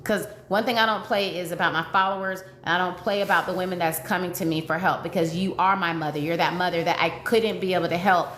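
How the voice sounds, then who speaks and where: Lowish-voiced woman coach chatting on a livestream, gets emotional, repeats herself, roomy echo. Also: fairly even intonation, quick pace, few pauses, a bit bright. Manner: emotional, repetitive, pleading. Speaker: dating coach. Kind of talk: livestream chat with viewers. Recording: echoey room with faint noise.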